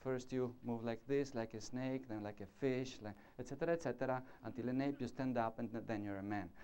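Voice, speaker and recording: Dark-voiced man lecturing at a conference. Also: mid-range voice, fairly even intonation, fairly quick, slight background noise. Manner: discursive, demonstrating with gestures and asking the audience. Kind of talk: live conference talk. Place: lecture hall before an audience. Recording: dull lo-fi 1990s conference tape.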